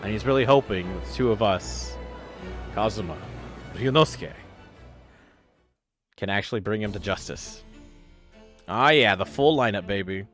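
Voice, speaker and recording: A man's voice: lowish voice, unhurried, long pauses, a bit bright, faint music behind. A man streaming and reading a game aloud, tossing out laid-back, joking asides. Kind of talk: casual game commentary.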